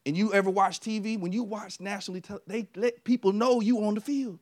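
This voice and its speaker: A middle-aged American man preaching a lively sermon, telling personal stories and swinging between loud punches and quiet asides. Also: sits high, fairly quick. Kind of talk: energetic sermon.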